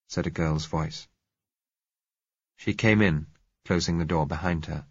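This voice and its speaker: A man narrating a story in the first person, in a measured, reflective way. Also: deep voice, breathy edge, no echo. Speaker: audiobook narrator. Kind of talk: scripted narration. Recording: dull lo-fi recording.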